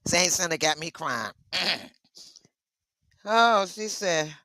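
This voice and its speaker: A woman's voice: lowish voice, lively intonation, slow, pushed and bright, no echo. A woman hosting a live stream in a casual chat, reading viewer comments and reacting with emotion.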